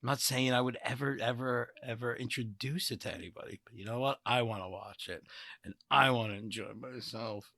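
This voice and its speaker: Bright-voiced, giggly male podcast host. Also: mid-range voice, brisk, creaky, no echo, studio quality. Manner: playful, giggly, self-mocking. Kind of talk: casual chat.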